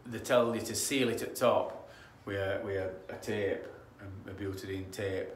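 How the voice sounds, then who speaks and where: A man's voice: on the low side, steady tone, a little slow, a little hiss or hum. Chatty Yorkshire tradesman in an echoey room. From Yorkshire, England. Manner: rambling, chatty, with frequent restarts and tangents. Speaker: damp-proofing tradesman. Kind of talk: casual on-site explainer.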